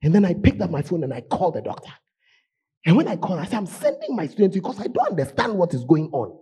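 A man preaching a sermon in a church, voice hoarse, swinging from shouts to low murmurs. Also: wildly swooping pitch, quick pace. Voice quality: husky. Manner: emotional, shouting preaching with sudden drops to low tones. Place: church sanctuary.

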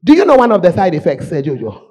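A man preaching a sermon in a church, voice hoarse, swinging from shouts to low murmurs. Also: huge pitch swings, fast. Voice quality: husky. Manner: emotional, shouting preaching with sudden drops to low tones. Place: church sanctuary.

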